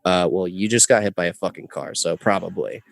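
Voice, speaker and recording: A man's voice: sits low, steady tone, fairly quick, vocal fry, dry recording, faint music behind, voice pushed down. A man quoting his blunt, no-nonsense father in a matter-of-fact way.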